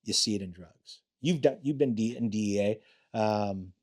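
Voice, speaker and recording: A man's voice: lowish voice, normal speed, a little mellow, slightly rough. A man in his late fifties, a retired police officer, telling blunt, profane stories in a casual interview and acting out the quotes.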